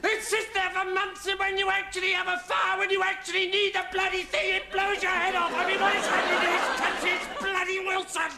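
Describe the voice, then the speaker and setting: An actor playing a frantic, irascible middle-aged hotel owner, shouting with sarcastic exasperation in a 1970s sitcom, with loud audience laughter. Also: male voice, very high voice, monotone, brisk, few pauses, a loud crowd, very noisy. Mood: exasperated rant.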